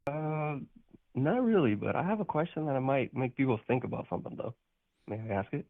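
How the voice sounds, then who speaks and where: A man's voice: medium pitch, animated, brisk, no echo. A man in his twenties calling into a live stream, answering hesitantly and evasively. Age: 20s. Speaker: caller. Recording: tinny phone line.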